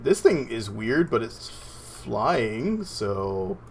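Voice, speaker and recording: A man's voice: medium pitch, very animated, very slow, a little hiss or hum. A man from the Southern US chatting casually while playing a game on stream, laughing often and muttering at what happens on screen. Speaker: gaming streamer. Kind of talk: casual gameplay chat.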